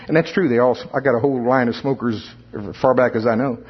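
A man preaching, telling his own testimony in a humorous, animated storytelling way. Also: medium pitch, fast talker, hardly any pauses, husky, highs cut off. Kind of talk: sermon testimony.

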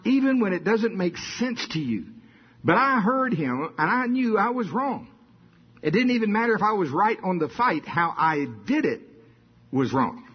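Older male preacher, folksy and emphatic, husky tone, dull lo-fi recording. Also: sits high, sing-song, normal speed. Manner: folksy storytelling, rising to emphatic bursts. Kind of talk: sermon. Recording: dull lo-fi sound.

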